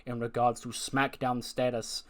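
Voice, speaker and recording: A male wrestling authority figure reads out matchups in a formal, announcing manner, played by a man. His pitch is that of an average man. He sounds like he is addressing a crowd from backstage. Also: little pitch movement, measured pace, lightly acted.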